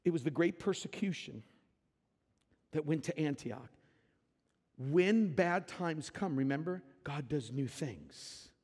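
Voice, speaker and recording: A man's voice: fairly high pitch, slightly rough. Emphatic male pastor in a reverberant hall. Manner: emphatic, swings from quiet asides to loud shouted peaks. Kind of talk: sermon. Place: large church sanctuary. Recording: reverberant large hall with music behind.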